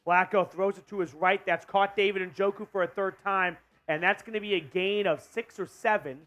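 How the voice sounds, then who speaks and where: A man hosting a live stream and calling a football game as a fan, getting excited and shouting on big plays. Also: high-pitched, moderate pace, no room sound, highs cut off, soft background music. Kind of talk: fan play-by-play commentary.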